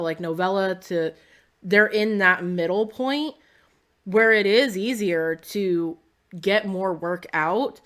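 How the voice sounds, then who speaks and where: A woman's voice: fairly low pitch, a bit bright. A woman co-hosting a podcast in casual chat, rambling with a slight lisp from costume fangs. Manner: rambling, many "like" and "you know" fillers. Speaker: podcast co-host.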